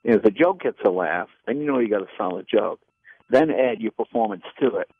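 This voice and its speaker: Gravelly older man telling stories. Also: on the low side, a little fast. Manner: animated anecdotes with quoted voices. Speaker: comedian and former talk show host. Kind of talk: storytelling interview. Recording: dull lo-fi dry sound.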